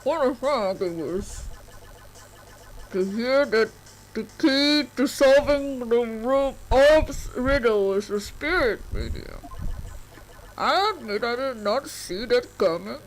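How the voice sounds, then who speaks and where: A man voicing a sinister male villain who hides behind a disguised voice, read slowly, low and menacing, as a game scene is read aloud. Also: fairly bright tone, slight background noise, low-quality recording.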